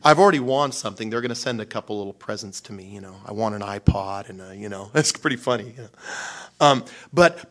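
A man preaching a storytelling sermon, animated and self-mocking, acting out dialogue with big swings and dropping to hushed near-whispers in prayer. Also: a little high.

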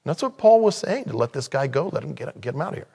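A man preaching a sermon in a conversational way, with sudden loud, high-pitched bursts of emphasis. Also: sing-song, fast talker, creaky, husky. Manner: conversational, thinking aloud. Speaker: pastor.

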